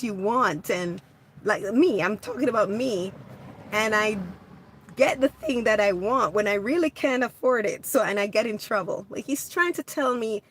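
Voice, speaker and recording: A woman hosting a casual livestream, chatting with viewers in a gentle, hesitant way full of restarts. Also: a little high. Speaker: livestream host. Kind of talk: casual livestream chat reading comments.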